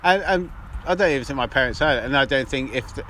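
A man co-hosting a podcast in casual chat, rambling, sweary and quick to laugh. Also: medium pitch, fairly bright tone. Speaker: podcast co-host. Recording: noisy background.

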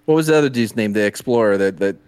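A man's voice: lowish voice, expressive, quick pace, darkish tone, smooth. A man co-hosting a casual group chat, rambling and often hunting for words. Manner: rambling, gets stuck searching for words.

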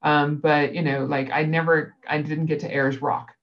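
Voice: mid-range voice, level tone, normal speed. A podcast guest talking in casual, rambling chat full of fillers and restarts. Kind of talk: casual conversation. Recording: dull lo-fi sound.

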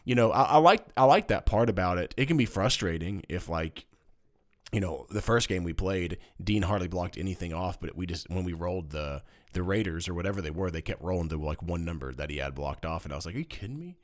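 A man's voice: sits low, a little fast. A man co-hosting a casual board game podcast, joking and explaining rules at length. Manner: animated, jokey, rambling explanations. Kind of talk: casual chat. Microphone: studio microphone.

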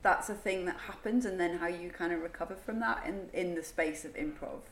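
A woman hosting a podcast interview, asking soft, thoughtful questions. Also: fairly low pitch, fairly quick. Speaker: podcast host. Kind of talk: casual interview chat. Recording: echoey room with faint noise.

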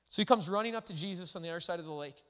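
Brief: a high-voiced man preaching loosely and conversationally, with a long hall echo. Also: rapid-fire, smooth. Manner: conversational, animated, full of "like" and "all right". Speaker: pastor. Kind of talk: sermon. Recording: echoey hall.

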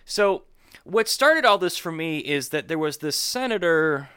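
A man's voice: fairly high pitch, measured pace, smooth, no room sound, clean studio sound. A man co-hosting a podcast, giving casual political commentary that swings into incredulous outbursts. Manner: animated, rising to incredulous outbursts. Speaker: podcast co-host.

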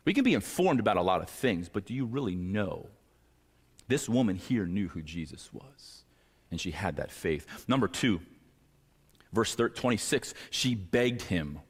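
Pastor preaching in a reverberant church. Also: male voice, lowish voice, sing-song, moderate pace, husky. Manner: earnest preaching, acts out pleading voices. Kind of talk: sermon. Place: church sanctuary.

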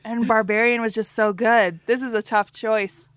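A woman with a slightly high voice gives quick, emphatic opinions in a relaxed group chat. The recording is dry and close. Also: no echo.

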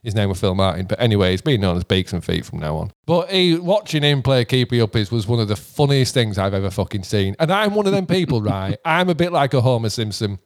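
A man's voice: medium pitch, no echo, studio quality. A man telling rambling stories in casual chat, swearing freely and laughing often. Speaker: podcast guest musician.

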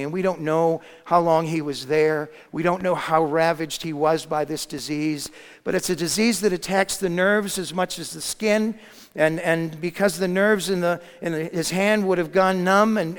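A man preaching, retelling a Bible story with frequent restarts, swelling loud at dramatic moments and sinking to a hush. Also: on the high side, clear, resonant tone, in a large hall. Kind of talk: sermon storytelling.

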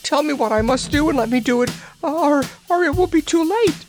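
A man reading an audiobook voices a wicked old witch with a shrill, frantic wail, over background music. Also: wildly swooping pitch, a little slow, gravelly, heavily acted. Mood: panicked pleading.

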